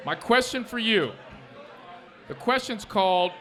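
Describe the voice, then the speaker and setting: A man hosting a sports podcast with a high, bright voice, joking and animated as he fires off quick questions. He is recorded live in a restaurant. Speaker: podcast host. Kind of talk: casual interview.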